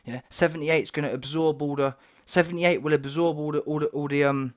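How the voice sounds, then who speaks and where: A man giving boxing commentary in a voice pitched higher than most men's. He talks casually and bluntly, full of slang, and often restarts his sentences as he argues his point. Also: steady tone, brisk. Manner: opinionated, trash-talking, lots of restarts.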